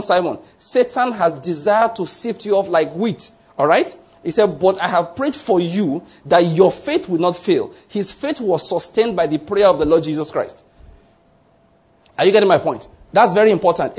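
A man's voice: sits high, darkish tone, husky. A man preaching a sermon, emphatic and repetitive, often checking whether his listeners follow him. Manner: emphatic, repeats key lines, asks the congregation questions.

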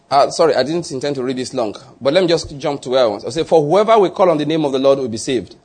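A man, preaching a slow, emphatic sermon to a congregation as pastor. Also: mid-range voice, animated, darkish tone, slightly rough.

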